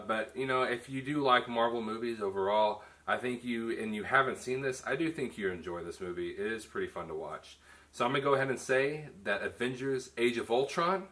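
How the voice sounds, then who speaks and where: Bright-voiced man reviewing a film. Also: medium pitch, moderate pace. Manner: chatty, many restarts and "you know". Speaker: film reviewer, show host. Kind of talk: casual review chat.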